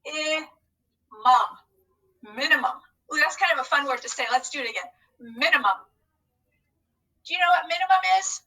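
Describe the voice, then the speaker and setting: A woman's voice: sits high, animated, a little fast, pauses often, bright, forceful tone, recorded from a distance, rough recording. A woman teacher leading a recorded phonics lesson, upbeat and coaxing as she talks to unseen students.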